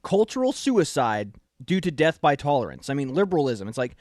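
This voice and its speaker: A man's voice: fairly high pitch, very animated, fairly quick, a little mellow, dry recording, studio quality. A man hosting a talk show, giving emphatic, indignant commentary. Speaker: show host.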